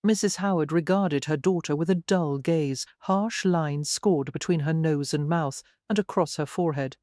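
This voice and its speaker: Measured audiobook narrator, dry sound. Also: mid-range voice, a little mellow, no room sound. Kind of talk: scripted narration.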